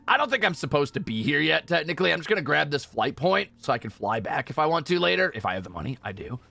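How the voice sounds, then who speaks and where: European male streamer, animated and jokey, fairly high voice with a bit of fry. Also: quick pace, soft background music. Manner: chatty, self-correcting, jokey. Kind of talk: casual gameplay stream chatter.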